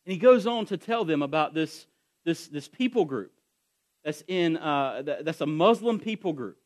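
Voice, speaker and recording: A man's voice: on the high side, lively intonation, moderate pace. A man preaching a sermon to his congregation, retelling a story with rising intensity and frequent restarts. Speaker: pastor.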